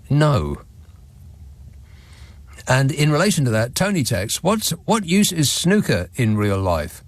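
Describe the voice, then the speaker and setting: A man's voice: mid-range voice, big pitch swings, normal speed, no room sound. A man hosting a radio show, reading out listener messages with dry, sardonic asides from a studio microphone. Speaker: radio talk show host.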